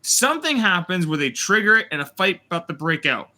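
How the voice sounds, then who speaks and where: A man hosting a casual review chat, retelling scenes in an animated, sarcastic way with swearing. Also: high voice, brisk. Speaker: host reviewing a TV series.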